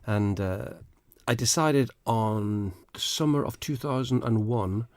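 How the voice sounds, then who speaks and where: A man from Ireland, a musician guest on a radio show, telling stories in a rambling, warm way in a studio. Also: on the low side, slow, no room sound. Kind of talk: relaxed anecdotal storytelling.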